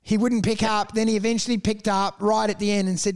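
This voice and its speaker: A young man telling stories in a casual podcast chat, animated and swearing freely. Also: sits high, vocal fry. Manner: animated storytelling, swearing, quick laughs.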